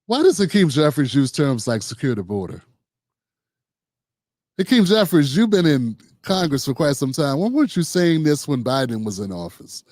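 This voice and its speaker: A man's voice: fairly high pitch, very animated, moderate pace, hardly any pauses, darkish tone, dry recording, clean studio sound. A man hosting a live political commentary show, blunt and mocking, talking straight to his viewers. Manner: mocking, blunt, mimics people in put-on voices.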